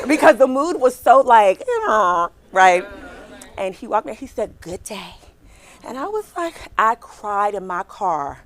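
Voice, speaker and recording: A middle-aged woman recruiter giving a lively career workshop, talking fast and chatty and asking her audience questions. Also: medium pitch.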